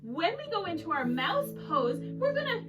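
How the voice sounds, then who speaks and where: A woman's voice: extremely high pitch, sing-song, moderate pace. A woman leading a kids yoga class, playful and encouraging, counting poses and making animal sounds. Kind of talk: guiding a children's yoga class. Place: yoga room. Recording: distant mic with loud music behind.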